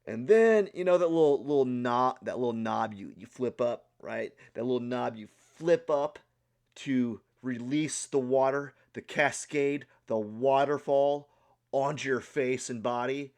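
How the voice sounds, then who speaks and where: A young man chats straight to the camera in a casual vlog. His voice sits in an ordinary middle range, and he tells his story in an animated, rambling way. He restarts sentences often and leans on fillers. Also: mid-range voice, a little slow. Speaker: art channel vlogger.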